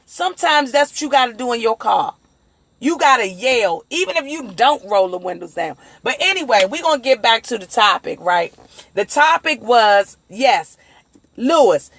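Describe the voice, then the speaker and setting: Woman, livestream host, casual motivational talk, animated, acts out quotes, very high voice, dry sound. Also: dry recording. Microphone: phone livestream.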